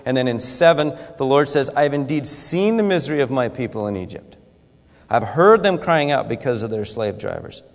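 A man's voice: medium pitch, animated, normal speed, in a large hall. A man preaching a sermon in a conversational way, acting out scripture with asides. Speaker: pastor.

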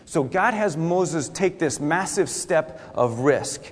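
A man's voice: a little high, expressive, slow, hardly any pauses, in a large hall, slight background noise. A man preaching a sermon in a conversational way, acting out scripture with asides. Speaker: pastor.

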